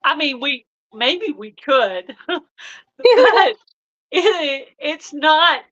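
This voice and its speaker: A woman hosts a casual live chat, her voice bright and pushed, with a fairly high pitch. She rambles at an unhurried pace with plenty of fillers. The audio is dull and lo-fi. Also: big pitch swings. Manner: chatty, rambling, with frequent laughs and fillers. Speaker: livestream host.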